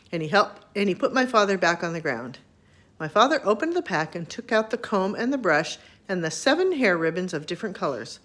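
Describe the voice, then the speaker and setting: A woman reading a children's chapter book aloud to her grandchildren, expressive and homely. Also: on the low side, fairly quick.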